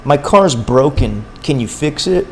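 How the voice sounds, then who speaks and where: A young man quoting a shy young woman who speaks halting, simple broken English, close to his own voice. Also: mid-range voice, animated, slight background noise, natural voice.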